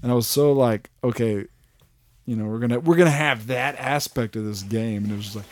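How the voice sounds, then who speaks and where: A man co-hosting a podcast in casual chat, retelling scenes with sudden jumps into loud, high voices and casual swearing. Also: brisk, no echo, studio quality. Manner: animated storyteller, acts out scenes with big pitch jumps, swears. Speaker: podcast co-host.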